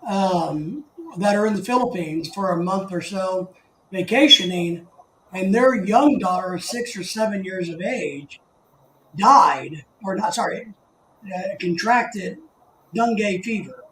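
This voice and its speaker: A man's voice: sits high, slow, a bit bright. A man hosting a casual live stream, chatting and greeting viewers by name in a rambling way. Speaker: livestream host. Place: living in the Philippines. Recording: echoey room, faint background noise.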